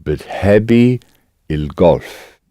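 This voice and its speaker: A man's voice: low voice, expressive, fairly quick, warm tone, no room sound, clean studio sound. A man learning a language in a lesson, tentatively repeating phrases after his teacher. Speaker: language student.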